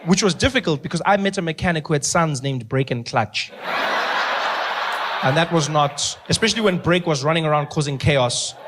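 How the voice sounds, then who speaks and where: A man's voice: a little high, lively intonation, normal speed, background noise. A man from Africa, doing stand-up storytelling in a playful, chatty way. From South Africa. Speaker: stand-up comedian.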